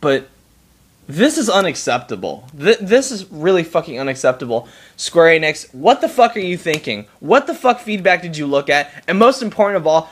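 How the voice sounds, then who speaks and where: A young man vents his frustration in a heated, profanity-laden rant. His voice sits high and swings widely in pitch, and he keeps circling back and restarting his sentences. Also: big pitch swings, moderate pace, husky. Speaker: gaming vlogger. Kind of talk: angry rant to camera.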